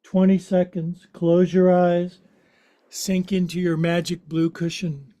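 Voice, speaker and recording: Speaking slowly in a high, mellow, monotone voice, a yoga teacher in his sixties guides a class. His instructions come across as chatty, playful and full of jokes.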